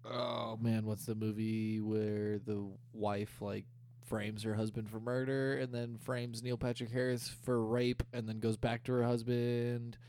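A man's voice: mid-range voice, little pitch movement, unhurried, darkish tone. A young man co-hosting a podcast, rambling and swearing through casual chat. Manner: crude, rambling, profane. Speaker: podcast co-host.

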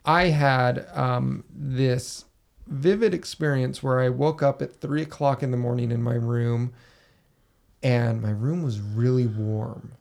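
A man hosts a podcast from a basement room, with a gravelly, mid-pitched voice. He tells his story casually and with energy, acting out his own reactions with swearing along the way. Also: steady tone, slow pace, a little mellow. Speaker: podcast host.

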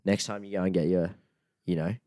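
A man's voice: low voice, fairly even intonation, fairly quick, mellow, dry recording, clean studio sound. A young Australian man co-hosting a podcast, blunt and swearing freely in casual chat. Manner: blunt, swears freely, mock-outraged rants. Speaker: podcast co-host.

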